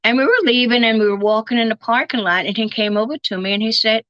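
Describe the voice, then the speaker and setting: In a reminiscing interview, an older woman tells family stories and acts out what people said. Her voice is on the high side and fairly bright, she talks fast, and the recording is muffled but free of echo.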